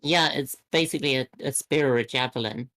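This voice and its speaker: A tabletop player who speaks casually in a mid-pitched voice, rambling through plans with plenty of fillers. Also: brisk, a bit bright. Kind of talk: casual tabletop game chat.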